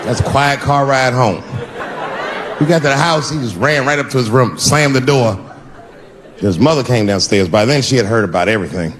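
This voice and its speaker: A man performing stand-up comedy, animated and acting out the people in his story. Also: mid-range voice, moderate pace, crowd noise, noisy background. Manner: animated, acts out voices.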